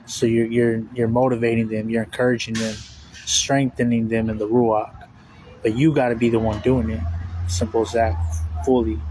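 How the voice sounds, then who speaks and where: A man's voice: medium pitch, a little hiss or hum, low-quality recording. A man giving a casual spoken sermon as a religious teacher, rambling and repetitive with many fillers.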